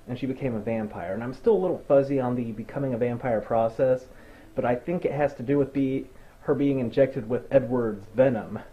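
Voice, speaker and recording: A man's voice: medium pitch, lo-fi sound. Sarcastic, profane young man ranting. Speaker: movie reviewer. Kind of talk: sarcastic movie recap.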